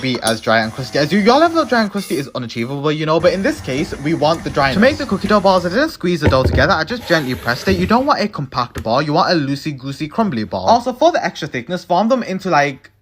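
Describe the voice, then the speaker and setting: A man's voice: on the high side, big pitch swings, fast talker. A young man narrating his own cooking videos in a casual, playful way, cracking self-mocking jokes as he goes.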